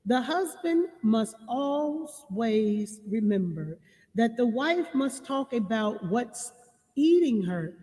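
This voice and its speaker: A woman giving relationship advice to her viewers, reading passages and repeating key lines slowly for emphasis. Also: on the high side, big pitch swings, dark tone, big-room sound. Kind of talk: reading and commenting on a marriage book.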